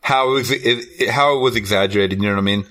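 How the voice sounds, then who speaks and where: A man's voice: fairly low pitch, quick pace, a bit bright. A man co-hosting a podcast, casually retelling a horror movie's plot with lots of swearing and laughter. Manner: rambling, profane, laughs while retelling scenes. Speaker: podcast co-host. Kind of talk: casual movie recap chat.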